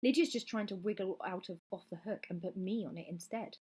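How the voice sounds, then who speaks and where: A woman's voice: mid-range voice, a little fast, darkish tone, breathy edge, lightly acted. A woman voicing a vicious, sneering teenage girl in a storybook reading. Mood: spiteful.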